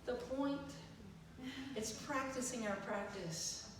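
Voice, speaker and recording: A woman minister, telling a lively story in a sermon and acting out the dialogue with laughter. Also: fairly high pitch, slow, a little hiss or hum. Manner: animated, acts out dialogue with laughter. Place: church sanctuary. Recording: echoey hall, far from mic.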